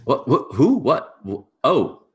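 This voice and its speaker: A man's voice: medium pitch, very animated, slow pace, voice pushed up. Man playing Cinna, flustered servant girl. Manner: flustered, stammering, pleading. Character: nervous young woman servant, Cinna.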